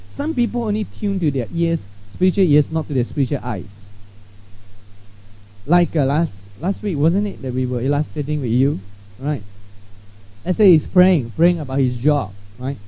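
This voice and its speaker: A man's voice: a little high, dark tone. A man teaching a Bible class in a conversational way, often checking in with his listeners. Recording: dull lo-fi recording.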